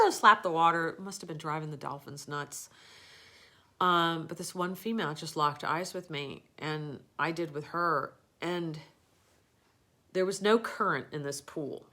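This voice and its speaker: A woman's voice: low voice, a bit bright. A middle-aged woman hosting a live show, rambling through a personal story with many fillers and restarts. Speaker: host.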